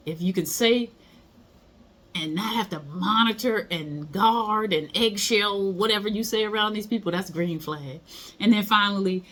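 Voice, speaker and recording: A middle-aged woman, giving casual motivational advice and telling stories. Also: mid-range voice. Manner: conversational, storytelling, acts out quoted voices. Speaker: motivational speaker.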